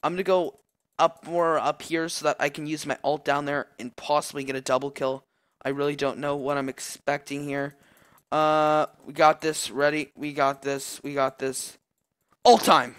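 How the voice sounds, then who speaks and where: A young man talks through his own match in a slightly high voice, rambling with fillers between plays. He gets loud and excited when the action heats up. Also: normal speed, smooth. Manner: excitable, yelling at big plays, many fillers. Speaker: gameplay commentator. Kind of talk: live gameplay commentary.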